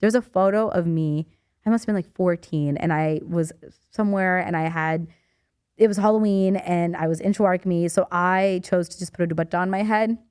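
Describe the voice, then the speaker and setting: A young woman co-hosting a podcast in a studio, telling a story in a lively way, acting out voices and laughing often. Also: on the low side, normal speed, clear, resonant tone, no room sound. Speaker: podcast co-host. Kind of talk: casual chat.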